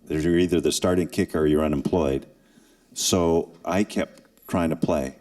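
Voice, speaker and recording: Low-voiced man telling a survival story. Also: fairly even intonation, dark tone. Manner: earnest, with dramatic pauses and acted quotes. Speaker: former NFL kicker and forum speaker. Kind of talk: emotional personal storytelling to students. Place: event hall.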